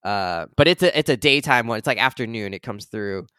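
A man's voice: fairly low pitch, fairly quick, clean tone, dry recording, studio quality. A man in his thirties co-hosting a podcast, chatting casually and laughing often. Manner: laughs often, relaxed rambling. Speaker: podcast co-host. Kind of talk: casual chat.

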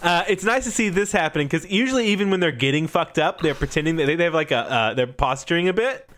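A man co-hosting a laid-back chat, his voice set a little high. He swings his pitch widely and laughs often as he swears and banters. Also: lively intonation, quick pace, a bit bright. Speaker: podcast co-host. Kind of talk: casual chat recapping an anime.

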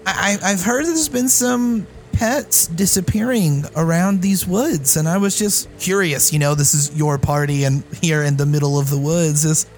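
Man as conspiracy-minded young male reporter, tabletop game, eager, rapid delivery. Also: on the high side, darkish tone, slight background noise, lightly acted. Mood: probing.

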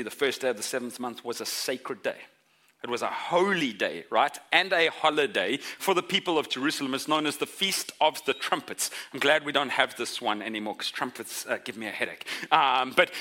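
A man preaching a sermon in a church, animated and joking with the congregation as he explains scripture. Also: fairly high pitch. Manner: animated, jokey asides to the congregation. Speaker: pastor. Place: church sanctuary.

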